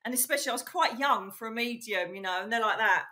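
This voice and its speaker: Bright-voiced chatty middle-aged Englishwoman. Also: on the high side, quick pace. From England. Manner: chatty, emphatic, fond of saying "literally" and "you know". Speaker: psychic medium, guest. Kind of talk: casual storytelling interview.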